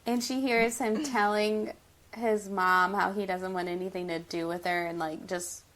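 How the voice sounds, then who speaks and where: American woman, podcast co-host, unhurried delivery, giggly. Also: mid-range voice, steady tone, fairly bright tone, a little hiss or hum. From United States. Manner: giggly, often laughing mid-sentence. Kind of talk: casual movie-review chat.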